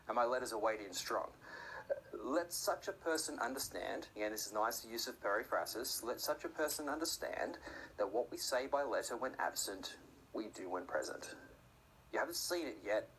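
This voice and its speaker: A man giving a conversational sermon, often slipping into quick acted-out voices for the people in his stories. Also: a bit bright, a little hiss or hum, rough recording. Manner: conversational, acts out voices with sudden high-pitched outbursts. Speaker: preacher.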